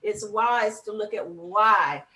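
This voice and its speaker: A woman's voice: medium pitch, slow, bright, forceful tone, reverberant, rough recording. A woman co-hosting a casual talk show, musing with emphatic, spiritual reflection. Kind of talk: casual chat.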